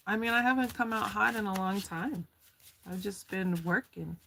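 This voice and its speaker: A woman's voice: mid-range voice, moderate pace, gravelly, pushed and bright, slight background noise. A woman giving a casual tarot card reading, chatty and slangy, going off on tangents. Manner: chatty, slangy, laughs easily and goes off on tangents.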